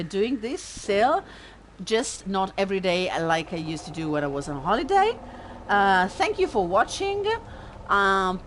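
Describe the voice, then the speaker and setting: A woman streaming a video game, chatting casually in a halting way and laughing easily. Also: mid-range voice, a little hiss or hum. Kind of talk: casual gameplay commentary.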